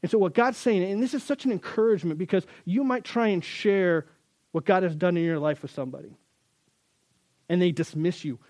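A man's voice: high voice, a little fast, a little mellow. A man with a slightly raised voice preaches a conversational sermon, pressing his points with emphasis and talking to his listeners as guys. The sound is dry and close, with no room echo. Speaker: pastor.

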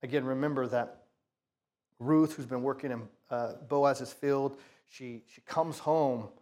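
A man's voice: medium pitch, steady tone, slow pace, darkish tone. A man, a pastor, giving a conversational sermon with a prayer and a Bible reading, often repeating words as he restarts phrases. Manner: conversational, talks to the audience as "you guys".

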